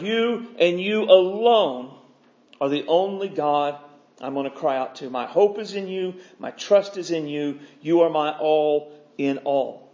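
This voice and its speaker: A man preaching an expository sermon, fervent and emphatic, stacking repeated phrases. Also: high-pitched. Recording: dull lo-fi recording.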